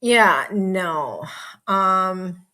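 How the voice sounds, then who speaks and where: A woman's voice: mid-range voice, expressive, sharp tone. Bubbly hyper woman live-streaming. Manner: bubbly, hyper, talks fast with lots of asides and laughs. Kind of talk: casual live chat reading viewer comments. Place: home.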